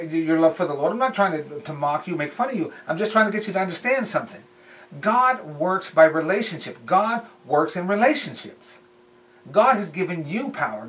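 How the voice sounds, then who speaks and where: A man's voice: high-pitched, big pitch swings, fairly quick, a bit bright, distant mic. A man preaching in a casual, conversational way, repeating phrases for emphasis. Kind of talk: sermon.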